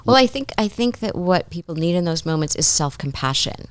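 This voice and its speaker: A woman's voice: on the low side, expressive, a little fast. A woman psychotherapist guest giving thoughtful conversational advice, explaining her points through stories about clients.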